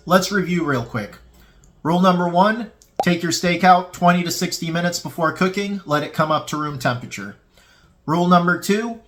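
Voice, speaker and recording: In a relaxed home-kitchen cooking tutorial, this fitness channel host talks to his audience in a chatty, loose way, eating as he goes. His voice is a little high with a fairly bright tone, captured by a camera mic on a tripod.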